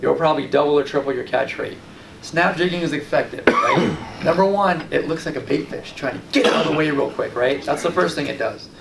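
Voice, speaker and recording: Gravelly, animated fishing host. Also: male voice, fairly high pitch, brisk. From Long Island, New York. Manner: animated storyteller, acts out his own past reactions. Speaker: fishing guide and show host. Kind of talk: casual fishing tips talk. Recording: roomy, distant mic with light background noise.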